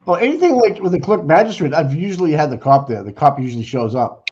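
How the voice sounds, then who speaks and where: A man with a Boston accent co-hosting a casual live stream, animated and prone to repeating words. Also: fairly high pitch, quick pace, slightly rough, highs cut off. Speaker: co-host.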